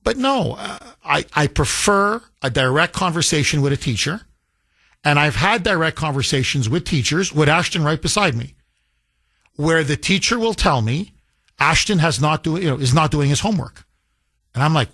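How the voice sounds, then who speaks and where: A man's voice: fairly high pitch, animated, normal speed, vocal fry, a bit bright, dry recording, clean studio sound. A middle-aged man hosting a talk radio show, telling a personal story in casual chat and acting out the voices he quotes, with frequent restarts.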